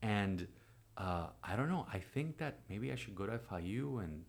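Lively storytelling male priest, low voice. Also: normal speed. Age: 40s. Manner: animated storyteller, acts out quoted voices. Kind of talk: storytelling in conversation.

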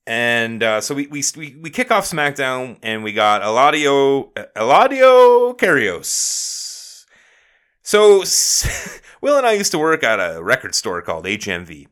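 A man's voice: mid-range voice, sing-song, moderate pace, bright, forceful tone. A young man co-hosting a wrestling podcast, chatting casually, joking and swearing freely. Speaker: podcast co-host.

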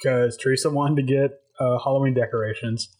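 A man's voice: medium pitch, steady tone, a little fast, darkish tone, poor audio. A man co-hosting a tabletop gaming podcast, chatting casually in a rambling way, swearing and laughing often. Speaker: podcast co-host and dungeon master. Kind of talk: casual chat.

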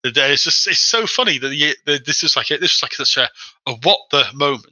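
Fast-talking man, bright voice. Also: on the high side, dry recording, poor audio. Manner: fast, animated anecdote-telling with acted-out quotes. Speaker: podcast guest. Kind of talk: casual storytelling chat.

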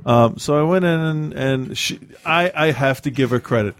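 A man in casual chat, telling rambling, profane stories with a lot of restarts and self-mocking asides. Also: mid-range voice. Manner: halting with frequent restarts and ums.

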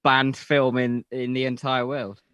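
A man with a bright, forceful voice trades jokes and playful banter as a podcast co-host. His pitch sits in the middle range. The recording is dry and close. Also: level tone, measured pace, clear, resonant tone, no echo. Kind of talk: casual chat.

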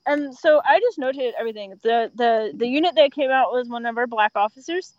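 A woman who works as an emergency dispatcher, chatting casually and telling animated stories, often laughing and acting out what callers said. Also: on the high side, brisk, no echo, dull audio. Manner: animated storyteller, laughs often, acts out quotes. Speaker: 911 dispatcher. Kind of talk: casual podcast chat.

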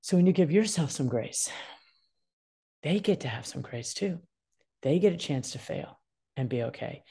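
This woman in her sixties has a deep, husky, creaky voice, speaking at normal speed with long pauses. A casual guest, she offers parenting advice and expressively quotes children's voices to convey their feelings.

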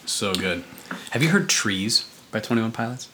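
A man's voice: on the low side, expressive, normal speed, background noise. A man in casual podcast chat, enthusiastic, giving short affirming remarks. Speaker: podcast co-host or guest.

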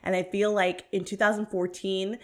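A woman's voice: mid-range voice, normal speed. Chatty young woman reviewing a film. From North America. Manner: animated, chatty, lots of "like" fillers. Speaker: podcast co-host. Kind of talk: casual chat.

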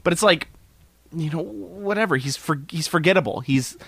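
Excitable man in a dry, close recording. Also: on the high side, moderate pace, vocal fry, slightly rough, no echo. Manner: enthusiastic, rambling with frequent restarts. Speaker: podcast co-host reviewing a film. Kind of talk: casual chat.

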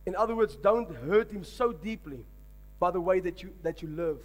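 A man's voice: high voice, normal speed. A man, a pastor, preaching a sermon emphatically and calling on the congregation to respond.

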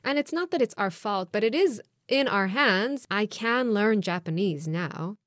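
A woman's voice: mid-range voice, lively intonation, unhurried, no room sound, clean studio sound. A woman co-hosting a podcast, talking candidly and reflectively in a casual chat, often breaking into laughter. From grew up outside Australia. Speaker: podcast co-host.

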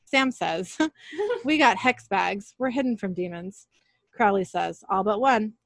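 A woman's voice: medium pitch, expressive, takes it slowly, no echo. Dry-voiced woman casually retelling a story. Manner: reads every character's lines in her own voice, laughing at her slips. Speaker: narrator retelling an episode. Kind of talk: casual recap reading lines aloud.

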